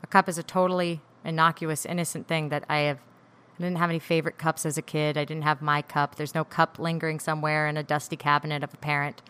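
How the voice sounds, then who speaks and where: A woman's voice: low-pitched, flat delivery, quick pace, a bit bright, smooth. A woman hosting a solo podcast episode, talking candidly and introspectively as she works through her feelings aloud. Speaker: podcast host.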